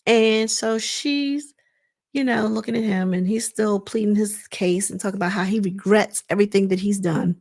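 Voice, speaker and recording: A woman's voice: mid-range voice, steady tone, moderate pace, a little mellow. A woman hosting a casual recap of a reality TV episode. She talks in a chatty, digressive, slangy way as she retells scenes.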